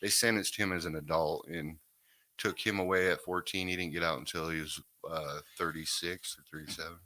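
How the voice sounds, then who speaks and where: A man, talking low and deep in a laid-back, rambling way. His voice has a bright, forward edge, and the recording is close and dry with no room sound. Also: steady tone, a little fast, no room sound. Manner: laid-back, rambling, lots of "you know what I mean". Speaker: guest sharing recovery story. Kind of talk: casual interview chat.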